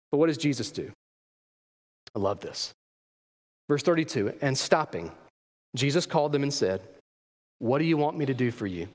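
A man's voice: fairly high pitch, lively intonation, moderate pace, long pauses. A male pastor preaching a sermon, asking rhetorical questions and repeating key phrases for emphasis. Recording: long reverb of a large hall.

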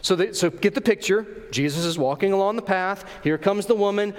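A pastor preaching a sermon, talking to the congregation conversationally and asking them questions. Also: male voice, high-pitched, expressive, normal speed. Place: church sanctuary. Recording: reverberant church hall.

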